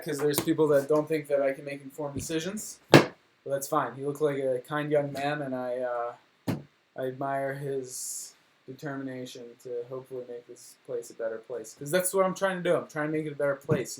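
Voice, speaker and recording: Speaking fairly quickly over some background noise, a young man rambles through a casual home livestream, poking fun at himself as he goes. His pitch is medium and his intonation stays fairly even.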